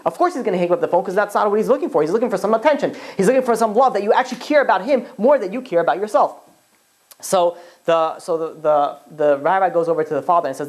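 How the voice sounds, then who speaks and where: A man, a rabbi, teaching a class in a chatty, animated way, telling stories and acting out the quotes. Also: high-pitched, fast talker. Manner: animated, chatty, many fillers and restarts, acts out quotes. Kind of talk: casual classroom lesson with storytelling.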